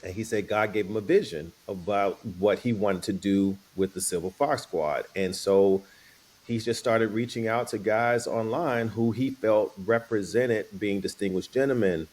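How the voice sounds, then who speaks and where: Relaxed man telling a story, low voice. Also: unhurried. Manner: relaxed, playful, acts out quoted voices. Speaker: guest. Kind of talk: casual storytelling interview.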